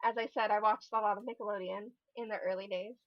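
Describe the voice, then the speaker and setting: A woman's voice: mid-range voice, fairly even intonation, quick pace, dry recording, muffled recording. A woman guest on a podcast, chatting casually and recounting things in a rambling way full of fillers. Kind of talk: casual chat.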